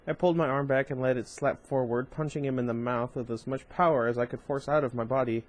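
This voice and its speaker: A man reads a novel aloud with casual, wry asides, stumbling over words now and then. His voice sits mid-range in pitch for a man. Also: steady tone, quick pace. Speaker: reader.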